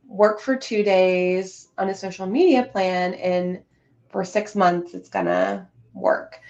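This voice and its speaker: A woman's voice: mid-range voice, darkish tone. A woman talks as a guest in a casual interview, chatty and full of fillers, racing through some phrases. Her voice sits in a middle range, and the audio is a little dull. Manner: chatty, filler-heavy, quick bursts. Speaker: guest, business owner.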